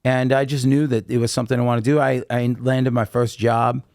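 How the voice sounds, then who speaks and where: Animated man telling rambling stories. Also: mid-range voice, brisk, no room sound, clean studio sound. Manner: rambling, animated anecdotes with many fillers. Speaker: podcast guest. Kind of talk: casual storytelling interview.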